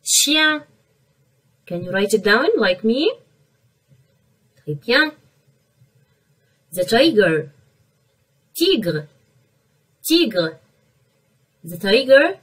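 A woman teaching an online French vocabulary lesson to young children, repeating each word slowly to drill pronunciation. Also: fairly high pitch, very animated, fairly bright tone, breathy edge, distant mic, low-quality recording.

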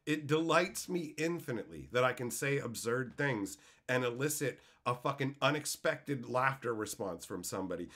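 A man streaming live, chatting casually with his viewers in a loose, profane way that breaks into loud exclaiming. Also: mid-range voice, lively intonation, moderate pace, few pauses. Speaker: streamer answering chat.

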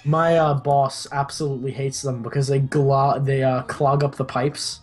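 A young man chatting casually on a game stream, jokey and rambling, with low deadpan asides. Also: normal speed.

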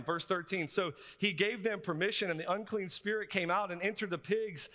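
A male pastor, preaching a sermon in an energetic, conversational way with frequent asides. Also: high voice, normal speed, few pauses. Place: seminary chapel. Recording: reverberant hall.

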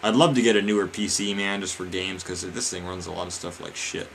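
A man's voice: deep voice, little pitch movement, a little fast, gravelly, fairly bright tone, slight background noise. A man ranting casually to his viewers, exasperated and swearing often, calling them guys and man. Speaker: vlogger.

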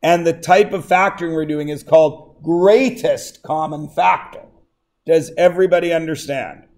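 A man's voice: on the high side, normal speed, a little mellow. A male math teacher lecturing a class, joking and often checking that everyone follows. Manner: jokey, keeps checking in with the class.

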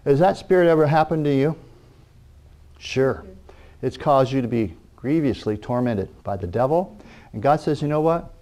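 A middle-aged man preaching a sermon, animated, acting out the people in his stories. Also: normal speed. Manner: animated, acting out quoted people in raised pitch.

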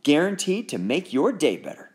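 A man's voice: a little high, huge pitch swings, moderate pace, slightly rough, pitched above the performer's own voice, full character voice. A man voicing a kind, friendly male dentist who talks in a coaxing, salesman-like way.

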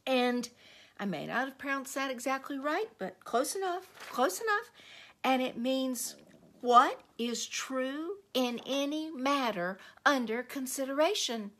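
Slow, earnest woman leading prayer. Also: high voice, expressive. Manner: earnest, unhurried, often sinks to a hush. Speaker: spiritual director and poet. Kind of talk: devotional teaching with spoken prayer.

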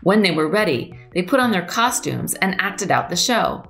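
A woman reading a story aloud to children and then showing a craft, gentle, clear and patient. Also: lowish voice, very animated, moderate pace, faint music behind. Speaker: museum storyteller and craft presenter.

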